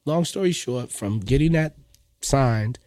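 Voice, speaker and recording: A middle-aged man from Indiana telling a story as a guest on a casual interview show. He talks in a slangy, animated way and often drops to quiet, low asides. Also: measured pace, no echo. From Indiana, United States. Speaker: guest, freestyle rapper.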